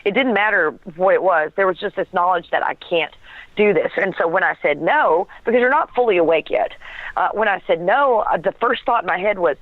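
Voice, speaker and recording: A woman's voice: fairly low pitch, fairly quick, no room sound. Woman guest telling her story over a tinny phone line, earnest, keeps looking for the right word, laughs a lot. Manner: earnest, searching for words, laughs often. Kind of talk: personal storytelling in an interview.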